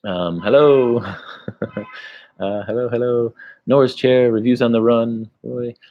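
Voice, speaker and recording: A man's voice: mid-range voice, fairly even intonation, measured pace, narrow, tinny audio. An American man, a travel vlogger, chatting casually on a livestream as he reads viewer comments, rambling and laughing between thoughts. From United States.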